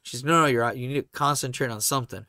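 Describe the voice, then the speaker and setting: A man hosting a podcast, telling a profane, animated story and acting out the voices of the people in it. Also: medium pitch, fast talker, no echo, studio quality. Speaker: podcast host. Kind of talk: casual storytelling chat.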